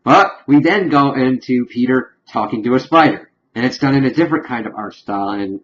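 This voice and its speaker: A man's voice: medium pitch, lively intonation, brisk. A man giving a casual, enthusiastic spoken review of a comic book. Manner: chatty and enthusiastic, acts out characters' lines. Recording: dull lo-fi recording.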